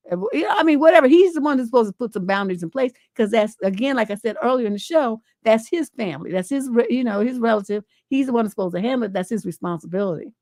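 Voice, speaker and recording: A woman's voice: fairly high pitch, lively intonation, fast talker, hardly any pauses, mellow, no room sound, clean studio sound. A middle-aged American woman hosting a relationship advice livestream, talking bluntly and emphatically and swearing freely. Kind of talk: livestream advice talk, reading a viewer letter.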